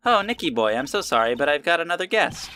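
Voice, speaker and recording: A man's voice: fairly high pitch, big pitch swings, quick pace, pushed and bright, clean tone, pitched above the performer's own voice. A man voicing a flirty adult woman hostess with a sugary, cooing way of talking.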